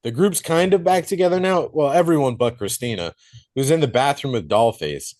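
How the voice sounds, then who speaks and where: A man's voice: medium pitch, brisk. Man swearing casually while retelling a film. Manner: animated storytelling, swears freely. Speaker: podcast co-host reviewing a film. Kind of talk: casual chat, retelling a movie plot.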